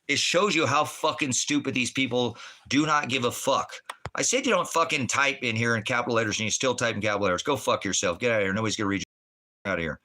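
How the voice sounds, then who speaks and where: A man's voice: fairly low pitch, fast, bright, forceful tone. A man hosting a livestream from Oregon, ranting angrily and swearing at chat viewers. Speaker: livestream host reading chat. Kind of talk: profane ranting livestream talk.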